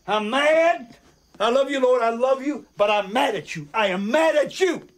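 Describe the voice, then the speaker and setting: An actor playing a distraught preacher who hollers and pleads with God in a film drama. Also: male voice, very high-pitched, animated, moderate pace. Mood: anguished. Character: anguished male preacher shouting at God at night.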